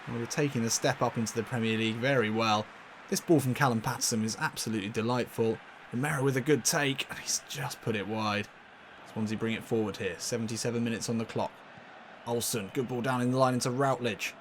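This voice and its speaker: A man commentating casually on his own football video game match, getting loudly excited and laughing at near misses. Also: mid-range voice, fairly quick, slight background noise. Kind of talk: casual let's-play commentary.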